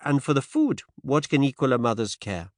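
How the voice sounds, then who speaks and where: A male narrator voicing a fastidious older Belgian detective who speaks courteously and drops French words. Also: mid-range voice, very animated, dry recording, clean studio sound, voice pushed up, natural voice. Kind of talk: audiobook character voice.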